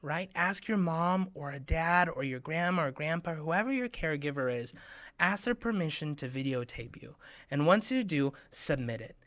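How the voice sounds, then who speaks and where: A man hosting a children's program, talking straight to the kids in a playful way, sometimes dropping to a hushed half-whisper. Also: normal speed, no echo. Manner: playful, bursts into excited high shouts. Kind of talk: talk to children.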